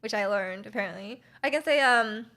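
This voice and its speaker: A woman's voice: mid-range voice, fairly quick, sharp tone. A woman streamer chatting casually with her livestream chat, giggling often and reacting to messages.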